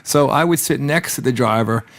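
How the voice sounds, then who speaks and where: A man chats on a radio show as a musician guest. He tells road stories in a relaxed way, chuckling as he goes. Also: medium pitch, normal speed. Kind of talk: casual anecdote chat.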